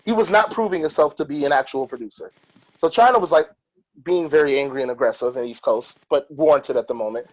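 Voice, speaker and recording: Man, podcast host, casual storytelling, profane, animated, slightly high voice, dull lo-fi sound. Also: quick pace. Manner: candid, profane, animated retelling.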